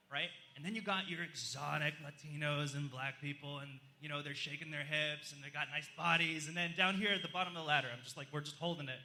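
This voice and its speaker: Bright, high-voiced male stand-up comic. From outside the US. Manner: self-deprecating, chatty, riffs with the crowd. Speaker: stand-up comedian. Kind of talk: live stand-up comedy. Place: live comedy night in a social club.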